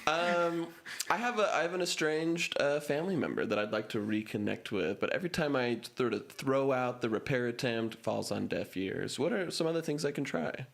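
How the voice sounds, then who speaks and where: Improv host, male, upbeat, laughs easily, very animated delivery. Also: medium pitch, moderate pace, creaky. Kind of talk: live improv comedy stream.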